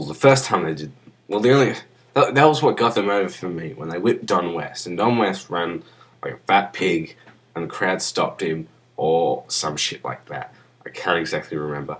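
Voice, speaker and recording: A young man with a deep, low voice rambles off the cuff into his webcam. He sounds drunk and swears freely, his talk crude and unpolished. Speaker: vlogger. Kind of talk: rambling casual monologue.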